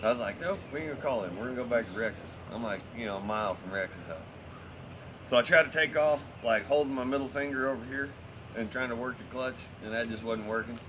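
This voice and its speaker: A man's voice: medium pitch, fast, background noise. A man casually telling a story to friends, swearing constantly in a laid-back drawl.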